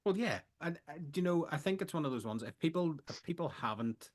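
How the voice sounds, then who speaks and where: A man co-hosting a film podcast, rambling and jokey, getting loud when excited. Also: a little high, fairly quick. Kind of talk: casual chat.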